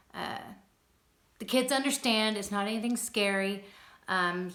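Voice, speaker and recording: A thirty-something woman vlogs at home about her epilepsy journey, speaking casually and cheerfully with frequent laughter. Her voice is mid-range and a bit bright. She's recorded in her living room on a phone or camera on a stand, with a roomy home echo.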